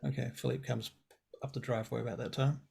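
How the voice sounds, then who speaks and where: A man with a gravelly, husky voice narrates a tabletop role-play as game master. He talks in a relaxed, joking way. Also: mid-range voice, quick pace.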